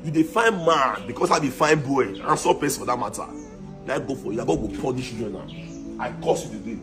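A man's voice: a little high, fairly bright tone. A man playing a boastful young scammer in a comic skit, speaking with a Nigerian accent and taunting and threatening the woman he swindled. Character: boastful young male scammer who swindled his girlfriend. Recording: music playing under the voice. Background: music.

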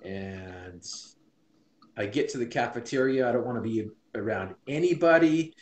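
A man in his forties from Utah, recounting his life story in an interview with earnest reflection. His mid-pitched voice sits in a roomy space with audible echo. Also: normal speed. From Utah, USA. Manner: earnest and reflective, many restarts. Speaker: interview guest.

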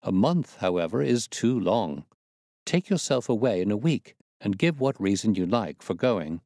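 A man's voice: fairly low pitch, very animated, moderate pace, a little mellow, dry recording, clean studio sound. A man reading the part of a stern young master who coldly dismisses his butler. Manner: cold, firm, commanding. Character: stern young country squire, master of the house.

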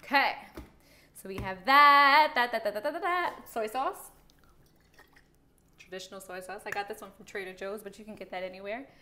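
A woman's voice: mid-range voice, moderate pace, pauses often, sharp tone, slight background noise. A young woman cooking in her home kitchen and walking her partner through a recipe with upbeat, teasing coaching. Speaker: host teaching cooking. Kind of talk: casual cooking instruction. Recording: music playing underneath. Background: background music.

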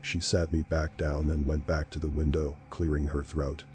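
A man reading a first-person horror story aloud in a steady, unhurried narration. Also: rumbling low, a little hiss or hum. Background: faint background music.

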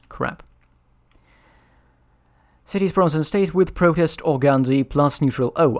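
Gravelly man thinking aloud over a board game. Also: mid-range voice, a little mellow. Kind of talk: solo board game playthrough commentary.

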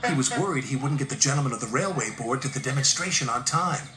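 Animated man reading a storybook aloud. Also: mid-range voice, quick pace, a little hiss or hum. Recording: roomy room with background music.

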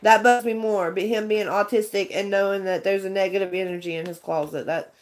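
A woman's voice: medium pitch, fairly even intonation, brisk. A woman telling a story in a casual livestream chat, rambling and earnest, with frequent restarts. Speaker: vlogger chatting with viewers.

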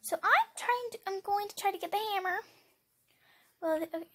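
A woman commentating her game, excitable and rambling, jumping from loud squeals to hushed whispers. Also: very high voice, brisk. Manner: rambling with many fillers. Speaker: gamer.

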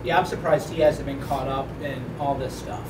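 A man asking interview questions in a relaxed, conversational way. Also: mid-range voice, normal speed, distant mic. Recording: echoey room, voice off-mic with air conditioner hum.

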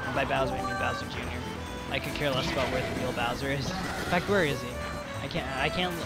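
A young man doing casual let's play commentary, excitable and yelling at the game. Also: mid-range voice, quick pace. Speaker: let's player. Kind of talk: gaming commentary. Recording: faint game music behind.

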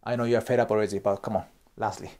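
Japanese-accented male host, lively casual explainer, repeats questions to the viewer, swears casually. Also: fairly low pitch, quick pace. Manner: animated, repetitive, keeps checking in with the viewer. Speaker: YouTube host and cross-cultural lecturer.

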